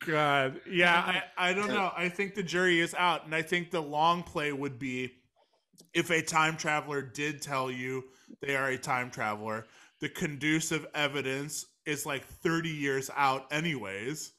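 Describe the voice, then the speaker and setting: A man's voice: fairly high pitch, a little slow, sharp tone. A man co-hosting a podcast in casual chat, laughing often and telling stories with quoted voices. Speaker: podcast co-host.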